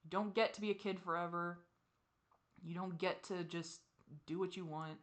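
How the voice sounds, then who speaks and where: A woman venting in a personal confessional vlog, teary and frustrated, with sighs and soft muttered asides. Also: fairly low pitch, steady tone, moderate pace. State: teary, crying. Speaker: vlogger.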